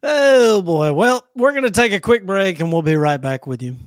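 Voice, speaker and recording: A man co-hosting a casual sports podcast, animated and quick to exclaim and laugh. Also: on the high side, slight background noise. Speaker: podcast co-host.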